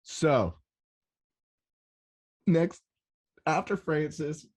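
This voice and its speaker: A young man hosting a rave podcast, talking in an excitable, rambling way and swearing often. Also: fairly high pitch, very slow. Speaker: podcast host. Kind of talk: casual solo podcast recap.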